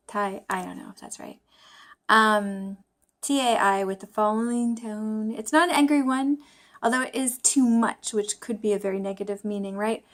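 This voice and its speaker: A woman talking casually to camera in a study vlog, thinking aloud, joking about her own mistakes, with frequent fillers and restarts. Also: on the high side. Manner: chatty, self-deprecating, thinking aloud with fillers. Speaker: language-learning vlogger.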